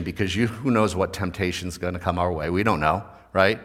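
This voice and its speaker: A man's voice: fairly low pitch, moderate pace, a bit bright. Older man, pastor, conversational sermon, questions to the congregation.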